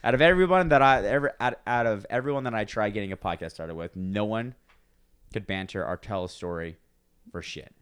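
Fast-talking low-voiced young man, rambling. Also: fairly bright tone, clean tone, no echo, clean studio sound. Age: 20s. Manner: rambling storyteller, acts out quoted voices, restarts often. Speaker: podcast co-host. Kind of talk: casual chat.

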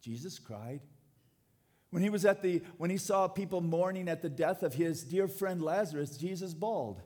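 Guy preaching, pitch swings all over, goes hushed at times. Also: moderate pace. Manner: animated preaching, dropping to quiet tones for emphasis. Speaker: pastor. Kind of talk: sermon.

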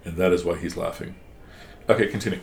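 A man's voice: low voice, steady tone, fast talker, vocal fry, a little hiss or hum. A man teaching a one-on-one class, explaining patiently and asking guiding questions.

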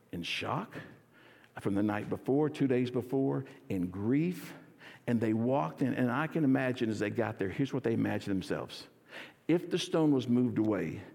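Energetic pastor in a reverberant church. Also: male voice, mid-range voice. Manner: energetic, leads congregation in call and response. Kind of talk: sermon. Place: church sanctuary.

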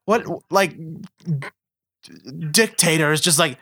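A man's voice: a little high, sing-song, normal speed, fairly bright tone, no echo, studio quality. A man co-hosting a podcast, chatting bluntly and profanely as he dismisses a movie. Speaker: podcast co-host. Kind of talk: casual movie chat.

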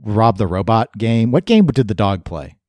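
A man's voice: lowish voice, very animated, normal speed, a little mellow, dry recording. A man co-hosting a podcast in casual chat, joking and laughing often. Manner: joking, laughs often, acts out silly quotes. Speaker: podcast co-host.

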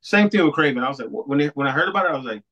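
A man in casual podcast chat, with a voice pitched a bit high. He talks in an animated way, swears freely and laughs often. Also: rapid-fire, rough recording. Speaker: podcast co-host.

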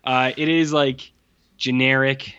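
A man co-hosting a casual movie review chat, animated, swearing freely and acting out lines from the film. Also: medium pitch, takes it slowly, smooth. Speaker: podcast co-host reviewing movies. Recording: muffled lo-fi sound.

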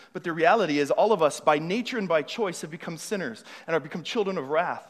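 Male pastor, high voice, sermon style, hushed questions building to loud emphatic preaching, hall reverb. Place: church hall. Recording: long reverb of a large hall.

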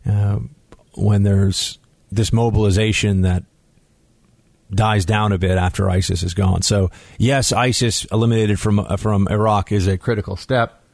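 A man's voice: low voice, fairly even intonation, normal speed, creaky, a little mellow, no echo. A man hosting a talk radio show from a studio, chatting loosely with asides and restarts. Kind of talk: casual talk radio chat. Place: radio studio in New York. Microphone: studio microphone.

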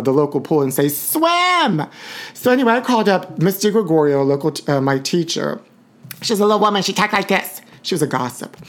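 A man hosting a casual livestream podcast, campy and gossipy, calling everyone honey. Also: a little high. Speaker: podcast host. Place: home livestream. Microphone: phone or webcam.

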